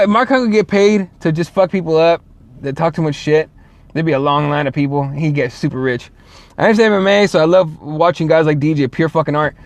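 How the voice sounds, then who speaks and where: A man's voice: a little high, no room sound. A man hosting a casual solo show, rambling and swearing, full of fillers and restarts. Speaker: show host.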